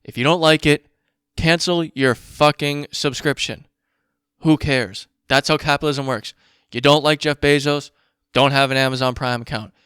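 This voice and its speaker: A man hosting a podcast, ranting in a casual, profane and worked-up way while doing math out loud. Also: fairly high pitch, fairly even intonation, moderate pace, smooth, no room sound, studio quality. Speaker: podcast host.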